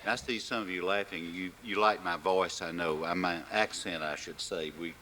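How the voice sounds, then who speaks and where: A man in his sixties with an Arkansas drawl stands before a live audience to open an evening forum. His voice sits a little low, and he speaks in a folksy, unhurried way, stopping often on small fillers. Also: steady tone, sharp tone, a little hiss or hum. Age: 60s. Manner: folksy, halting with frequent fillers. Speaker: event host. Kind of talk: welcoming speech to a live audience.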